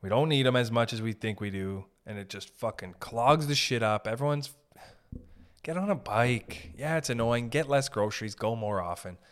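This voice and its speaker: A young man hosting a podcast, rambling through a profane, animated comedic monologue. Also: mid-range voice, normal speed, smooth. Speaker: podcast host.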